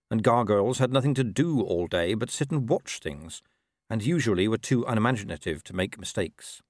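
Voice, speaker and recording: Lively male audiobook narrator, dry sound. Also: mid-range voice, no room sound. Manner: expressive, shifting tone through the telling.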